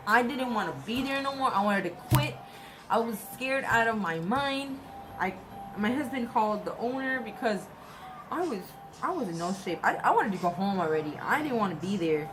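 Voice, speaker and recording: A young woman telling a personal story in a casual, halting way, often repeating and restarting her words. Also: medium pitch, expressive, a little hiss or hum, low-quality recording. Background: music.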